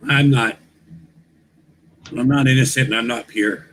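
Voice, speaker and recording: A man's voice: medium pitch, fairly even intonation, a little slow, a bit bright, slight background noise, rough recording. A man co-hosting a casual livestream chat, joking and telling wry stories. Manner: joking, tells wry anecdotes. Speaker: co-host.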